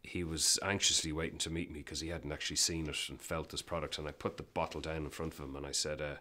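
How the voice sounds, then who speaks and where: A man with a very low voice speaks as a guest in a relaxed interview. He tells his stories emphatically and animatedly, often breaking off and restarting his sentences. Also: fast talker. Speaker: business guest. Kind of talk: casual interview storytelling.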